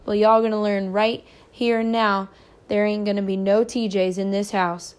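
A woman's voice: medium pitch, steady tone, moderate pace, darkish tone, natural voice. A woman voicing a stern, angry farm father. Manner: firm, scolding, protective.

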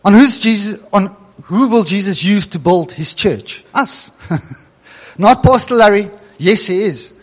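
High-voiced man preaching in a hall. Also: slow pace. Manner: animated, chuckling, reads scripture aloud. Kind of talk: sermon. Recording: long hall reverb.

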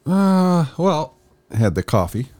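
A man's voice: very animated, a little slow, darkish tone, no room sound. A man co-hosting a casual chat, rambling through stories and acting out other people's lines in a raised voice. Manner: rambling storyteller, acts out quotes in a high voice. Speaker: podcast co-host.

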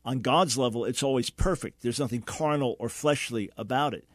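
A man's voice: medium pitch, moderate pace, dry recording, clean studio sound. A man hosting a radio call-in show, earnestly explaining and answering a caller's question, sometimes acting out quoted dialogue.

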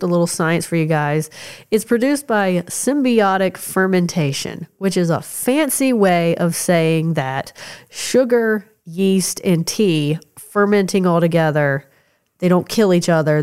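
Woman, podcast co-host, smooth low-ish voice, stuffy nose, upbeat explainer. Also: a little mellow. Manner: explanatory, upbeat, laughing easily. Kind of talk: casual chat.

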